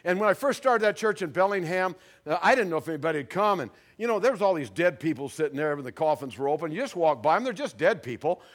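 A male pastor preaching a sermon, telling stories animatedly and dropping very soft at dramatic moments. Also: on the high side, fast. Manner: animated storyteller, acts out voices, drops very soft for dramatic moments. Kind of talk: sermon with storytelling.

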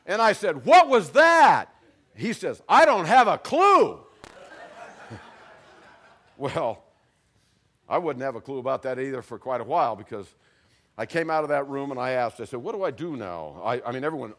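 An older man shares his testimony before an audience. His pitch rises and falls in lively swings. He drops to a hush and then bursts out loud as he talks. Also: quick pace. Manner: animated storyteller, swings from hushed to loud. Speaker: speaker giving testimony.

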